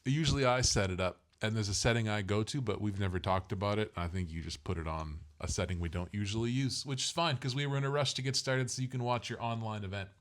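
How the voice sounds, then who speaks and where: A man's voice: lowish voice, fast, few pauses. A middle-aged father co-hosting a casual family podcast, rambling and self-deprecating as he explains things.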